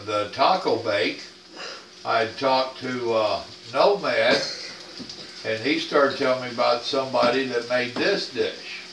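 A man's voice: medium pitch, background noise. An older man hosting a home cooking vlog, chatting in a rambling, folksy, plain-spoken way. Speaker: cooking channel host. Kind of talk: casual cooking vlog chat. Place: home kitchen. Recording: roomy kitchen sound, camera off at a distance.

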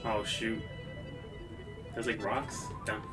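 Calm man giving game tips. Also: lowish voice, slow pace, over loud music. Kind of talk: casual chat beside a gamer.

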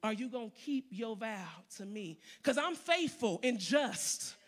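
A woman preacher voicing God, asking measured questions in a calm tone. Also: fairly high pitch. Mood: questioning.

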